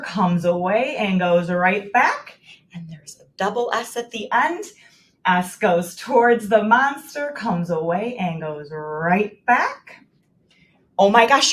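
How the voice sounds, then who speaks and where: A woman teacher with a mid-range voice models writing for young children. She sounds out each word slowly, clearly, and with exaggeration, leading the class to repeat after her.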